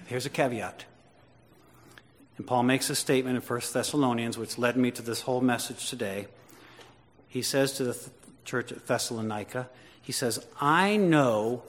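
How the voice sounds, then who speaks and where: A man preaching a sermon to his congregation, swinging between loud emphatic lines and quiet conversational asides with questions to the listeners. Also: mid-range voice. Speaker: pastor. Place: church. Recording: long reverb of a large hall.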